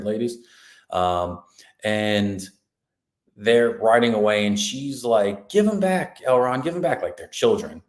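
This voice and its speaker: Podcast co-host, male, low voice, sarcastic recap delivery, roomy echo. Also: darkish tone. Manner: sarcastic, mocking retelling with quick mimicked lines. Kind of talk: casual review recap.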